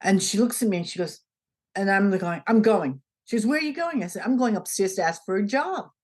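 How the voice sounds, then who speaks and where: Woman, interview guest, mid-pitched voice, animated storytelling, acts out the dialogue. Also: a little fast. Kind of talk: conversational storytelling.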